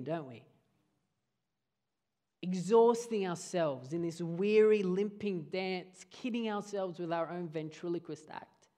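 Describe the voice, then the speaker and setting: A man preaching a sermon, earnest, often dropping his voice low for emphasis. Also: a little mellow.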